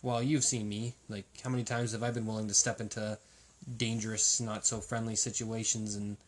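A man's voice: fairly low pitch, flat delivery, fairly quick. Rambling man chatting casually. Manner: rambling, digressive storytelling with many fillers. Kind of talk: casual conversational chat.

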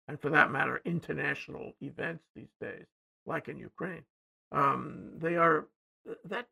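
An older man talks through a casual political discussion in a heavily gravelly, husky voice with a bright edge. He rambles and hesitates, his sentences often fading off quietly. His pitch sits a little high for a man. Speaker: co-host.

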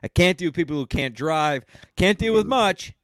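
A man co-hosting a casual podcast, telling a story in a profane, animated way and laughing as he goes. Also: high voice, moderate pace, no room sound, studio quality. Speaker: podcast co-host.

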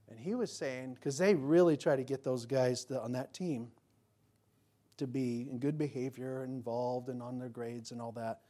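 A man preaching to his congregation in a chatty, rambling way, full of asides and restarts. When he quotes scripture, his voice swells into loud, emphatic declarations. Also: medium pitch. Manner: conversational, anecdotal preaching with frequent restarts and asides. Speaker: pastor. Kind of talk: sermon.

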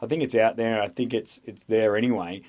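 Aussie bloke swearing his way through a chat, voice on the low side. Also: fairly even intonation, a little fast, a little mellow. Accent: Australian. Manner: blunt, profane storytelling. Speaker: podcast guest, former soldier. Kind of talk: casual conversation.

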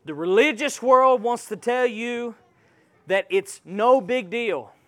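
A man's voice: very high-pitched, takes it slowly. A man preaching a sermon, emphatic and calling out to the congregation.

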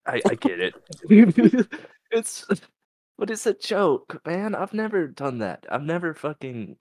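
A man's voice: on the high side, sing-song, unhurried, dry recording. A young man co-hosting a podcast in casual, profane, rambling chat, at times reading a post aloud and reacting to it. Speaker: podcast co-host.

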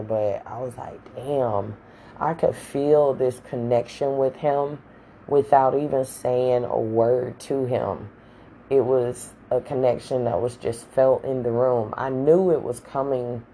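A woman's voice: very deep voice, dark tone, a little hiss or hum, low-quality recording. A woman telling a personal story in a casual, candid and profane way, full of slang.

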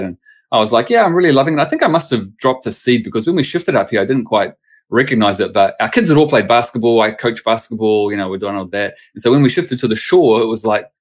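A man, a pastor and sports chaplain, telling stories casually in an interview and acting out the voices of people he quotes. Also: fairly low pitch.

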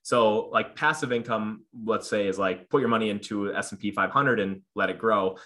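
A man's voice: on the low side, normal speed, sharp tone. A man in his thirties, a guest in a casual interview, talking earnestly with lots of fillers and restarts. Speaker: podcast guest.

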